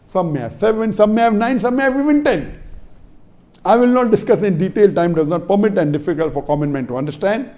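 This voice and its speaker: With a warm voice that sits high, a man from India preaches Islam to an audience. His lecture is emphatic and repetitive, with questions thrown to listeners and words spelled out one letter at a time.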